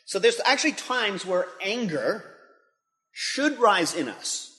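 A man's voice: high voice, very animated, takes it slowly, sharp tone. A middle-aged man, a pastor and school leader, giving an earnest devotional talk that builds to emphatic intensity. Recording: long hall reverb.

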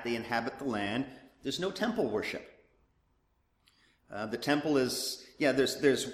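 A man giving conversational Bible teaching in sermon style, often restarting his sentences. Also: mid-range voice. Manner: animated, conversational, with frequent restarts. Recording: echoey hall.

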